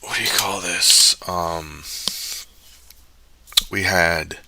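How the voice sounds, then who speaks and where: A man's voice: sits low, fairly even intonation, very slow, vocal fry, very noisy. A man hosting a stream, talking in a rambling, casual monologue full of jokey asides and self-corrections. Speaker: stream host.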